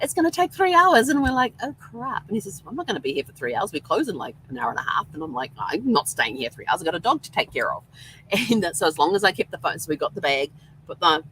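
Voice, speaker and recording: A woman hosting her own show, telling a personal story in a casual, earnest and reflective way, with soft laughs now and then. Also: sits low, slight background noise, low-quality recording. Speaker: host. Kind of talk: casual solo livestream talk.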